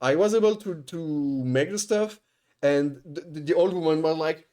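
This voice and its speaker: A man's voice: a little high, moderate pace. Rambling man telling a story. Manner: rambling, restarting, swearing, animated retelling. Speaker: streamer. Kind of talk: casual storytelling on stream.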